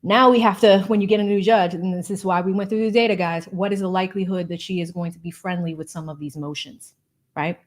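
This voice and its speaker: A woman hosting a casual livestream, thanking donors by name and explaining legal points in an animated, bubbly way. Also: on the low side, fast talker. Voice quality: animated, bubbly, laughs often. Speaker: legal commentary livestream host. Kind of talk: casual livestream chat, reading donations.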